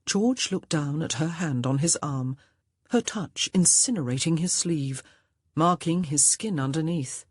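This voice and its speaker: A woman narrating a historical romance audiobook with measured, expressive storytelling. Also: low-pitched, breathy edge, no room sound, studio quality. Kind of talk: scripted narration of a romance novel.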